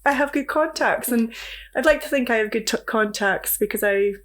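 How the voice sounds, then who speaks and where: A woman's voice: on the high side, brisk. A woman, a comedy promoter, chatting casually and self-deprecatingly as a podcast guest.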